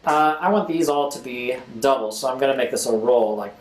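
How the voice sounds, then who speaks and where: Young male tutorial host, relaxed and chatty, scats beats; roomy sound with faint ambience. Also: medium pitch, brisk, noisy background. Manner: casual, talks while clicking, scats rhythms aloud. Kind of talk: screen-recorded software tutorial.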